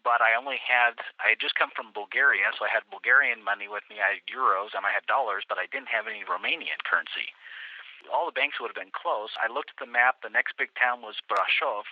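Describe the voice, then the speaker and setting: A man, a guest on a travel interview, telling a story in a lively way and acting out the voices of people he met. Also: medium pitch, brisk, gravelly, no echo. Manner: animated storyteller, acts out quotes. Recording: tinny phone line.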